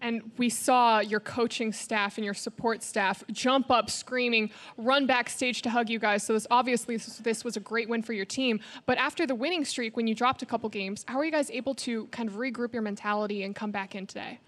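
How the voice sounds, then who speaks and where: A woman's voice: a little high, fairly even intonation, fairly quick, hardly any pauses, fairly bright tone. A woman interviewing a player after a match, upbeat and polished like broadcast presenting. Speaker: esports interviewer. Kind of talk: post-game interview.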